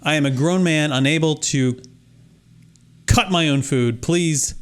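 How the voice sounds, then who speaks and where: A man co-hosting a casual podcast, spinning stories with mock exasperation. His voice sits a little high and he talks in an animated, rambling way. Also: measured pace, clean tone. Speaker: podcast co-host. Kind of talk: casual chat. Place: Florida.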